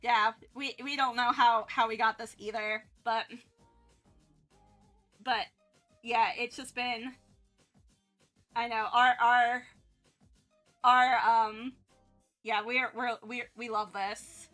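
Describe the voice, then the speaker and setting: A woman's voice: fairly high pitch, flat delivery, takes it slowly, pauses often, pushed and bright, soft background music. A young woman from North Carolina chatting casually on a livestream, rambling with lots of restarts and fillers. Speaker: art streamer.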